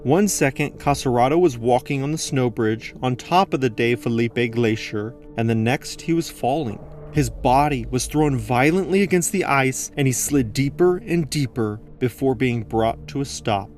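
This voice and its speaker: A man giving scripted documentary narration in a measured, dramatic storytelling manner. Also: medium pitch, darkish tone. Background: faint background music.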